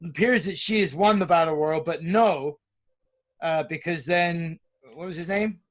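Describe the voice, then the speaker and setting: High-voiced man recapping wryly. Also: moderate pace. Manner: recaps events wryly, swears casually, laughs through lines. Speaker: podcast co-host. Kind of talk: casual wrestling podcast recap.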